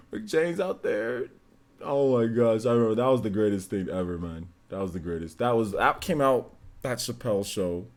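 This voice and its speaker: A man in his thirties hosting a gaming show, chatting casually and animatedly and laughing often. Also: medium pitch. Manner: animated, laughs often, drawn-out filler words. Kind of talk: casual streamed chat.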